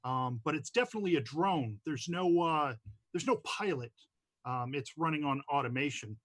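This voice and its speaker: Halting male game master. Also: on the high side, animated, fairly bright tone. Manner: halting, with many fillers. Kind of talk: narrating a tabletop game.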